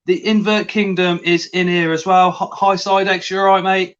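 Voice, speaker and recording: A man with a fairly high voice hosts a casual livestream, greeting viewers in the chat. He talks in a hesitant way and often restarts his sentences. The audio is a little muffled. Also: flat delivery, moderate pace, a bit bright, clean tone. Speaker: livestream host.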